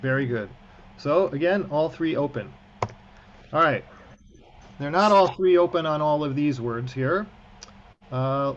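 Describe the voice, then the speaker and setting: A man's voice: fairly high pitch, highs cut off, a little hiss or hum. A man, a cantor, teaching a class over a video call, encouraging and chatty with joking asides. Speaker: cantor teaching prayer book reading. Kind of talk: online class instruction.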